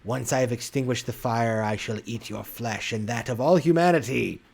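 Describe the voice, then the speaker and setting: A man voicing a horned shadowy female demon in a tabletop game, speaking in slow, menacing proclamations. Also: medium pitch, creaky, darkish tone, slightly rough.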